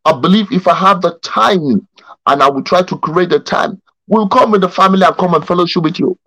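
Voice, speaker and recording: A male pastor leading a Bible study over a video call, telling a story in an animated way and often stumbling over and repeating his words. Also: sits high, brisk, dry recording, rough recording.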